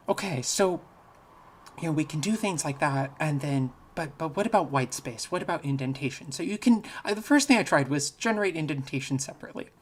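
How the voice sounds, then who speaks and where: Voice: mid-range voice, animated, brisk, husky. A speaker giving a recorded virtual conference talk, explaining casually and thinking aloud with frequent restarts. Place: home, recorded remotely.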